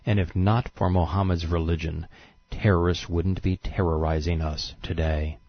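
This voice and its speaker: Male documentary narrator, very deep, sarcastic and scornful, dull dry audio. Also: steady tone, moderate pace, dry recording. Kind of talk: scripted narration.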